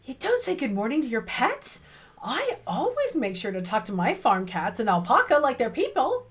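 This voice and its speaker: A woman's voice: high voice, huge pitch swings, normal speed, pitched above the performer's own voice. A woman voicing a perky, chatty middle-aged cleaning lady with a Midwestern accent. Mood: cheerful. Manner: perky, eager, apologetic.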